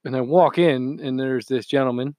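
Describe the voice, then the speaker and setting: A man co-hosting a casual podcast, teasing his co-hosts with dry remarks and telling stories at an even pitch. The recording is close and dry, with no room sound. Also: moderate pace, dry recording. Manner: teasing, dry reactions, storytelling. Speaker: podcast co-host. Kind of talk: casual banter.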